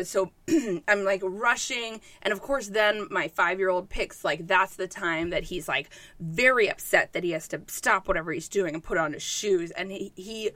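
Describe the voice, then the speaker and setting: A woman's voice: mid-range voice, fairly bright tone, no room sound. A woman telling a candid parenting story in casual chat, swearing freely.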